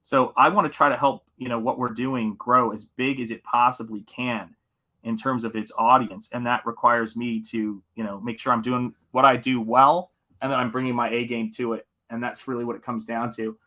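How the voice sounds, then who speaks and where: A man's voice: mid-range voice, flat delivery, normal speed, sharp tone. A man hosting a casual livestream while painting, chatting enthusiastically and answering viewers. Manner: enthusiastic, rambling, answers chat. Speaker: livestream host and comic painter.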